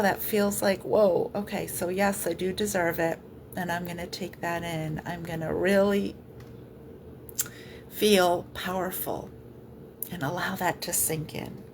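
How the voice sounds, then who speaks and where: A woman energy healer gently guiding viewers through a live-streamed clearing session, speaking softly with slow pauses. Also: on the low side, slight background noise.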